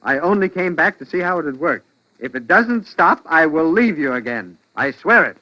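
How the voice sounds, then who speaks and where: Cold-blooded husband. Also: male voice, on the high side, very animated, moderate pace, sharp tone, exaggerated voice. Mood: exasperated. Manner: tense, curt, coldly resolute. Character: harried husband turned cold killer. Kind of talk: 1940s radio acting. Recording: lo-fi old radio broadcast.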